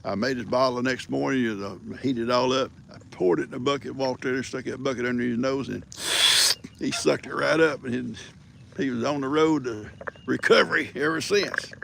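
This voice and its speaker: A man's voice: medium pitch, a little fast, vocal fry, fairly bright tone, a little hiss or hum. An older man, telling folksy stories and teasing his viewers in a casual livestream from a farm. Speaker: livestream host. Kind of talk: casual rambling storytelling.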